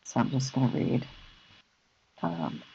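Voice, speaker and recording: A soft-spoken host reading scripture aloud and commenting informally from home, in a slightly dull lo-fi recording. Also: slight background noise. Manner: slow, soft-spoken and unhurried, with gentle asides. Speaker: host of an online scripture class. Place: at home in the evening.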